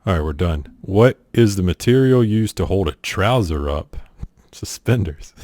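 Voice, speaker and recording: Reading a list of questions for a casual vlog, a young Southern-accented man from South Carolina does an accent challenge with an easygoing, offhand attitude, tossing out "y'all" and "ain't." His low, slightly mellow voice has lively intonation and a measured pace, in a dry, studio-quality recording.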